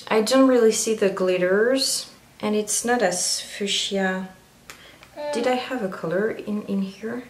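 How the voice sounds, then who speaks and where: A woman chatting casually through a makeup tutorial, meandering and filling pauses with ums. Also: mid-range voice, background noise. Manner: chatty, meandering, frequent fillers. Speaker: beauty vlogger. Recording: roomy echo.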